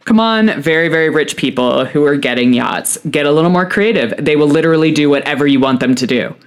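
A man's voice: fairly high pitch, expressive, fairly quick, clear, resonant tone. A man co-hosting a podcast, chatting easily with lots of "like" fillers and wry asides. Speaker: podcast co-host. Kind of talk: casual chat.

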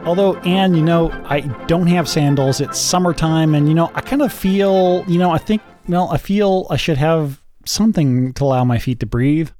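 A man's voice: a little high, moderate pace, hardly any pauses, mellow, faint music behind. A man hosting a podcast, chatting casually and jokingly with hesitant fillers. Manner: joking, hesitant, lots of you know. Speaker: podcast host.

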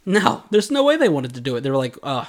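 A man co-hosting a casual podcast about an anime, talking in an animated, sarcastic way. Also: a little high, fast. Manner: animated, sarcastic, acts out quoted lines. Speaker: podcast co-host. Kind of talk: casual anime recap chat.

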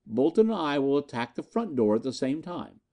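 Brief: authoritative big investigator, voiced by the narrator, mellow and curt. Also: male voice, on the high side, very animated. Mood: commanding. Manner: brisk, authoritative orders. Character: big, commanding male scientist-detective.

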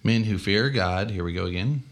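A man's voice: on the low side, moderate pace. A man co-hosting a casual faith podcast who reads scripture aloud and drops dry, joking asides. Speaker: podcast co-host.

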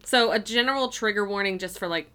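Bright-voiced woman chatting on a true-crime podcast. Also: mid-range voice, fast, smooth. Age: late 20s. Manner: chatty, lots of "um" and "like", giggly asides. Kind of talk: casual chat.

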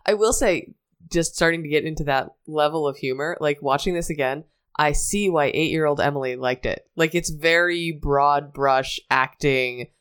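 A woman from the Washington, D.C. area co-hosting a casual podcast chat about a movie, chatty and quick to laugh. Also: sits low, fairly bright tone, clean tone. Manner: chatty, laughs often, many "like" fillers. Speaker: podcast co-host.

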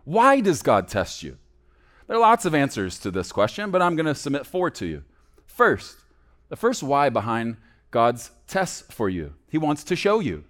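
A man preaching a sermon as a pastor, swinging between loud emphasis and hushed low asides. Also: wildly swooping pitch, normal speed.

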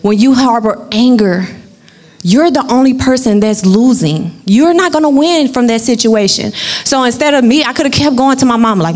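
A young woman minister shares a personal story in a chatty, animated way. Her voice sits a little high, and she acts out quick voices for her family. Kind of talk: testimony storytelling.

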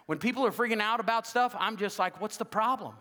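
A man's voice: sits high, quick pace, in a large hall. A man preaching a humorous sermon as pastor, joking and acting out quoted dialogue. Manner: jokey, animated, acts out quoted dialogue. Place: church sanctuary.

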